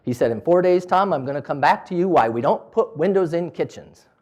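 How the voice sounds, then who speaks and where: A man's voice: on the high side, fairly quick. A man giving a storytelling talk as a business owner, acting out the dialogue in different voices. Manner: animated, acts out dialogue in quoted voices. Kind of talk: storytelling speech.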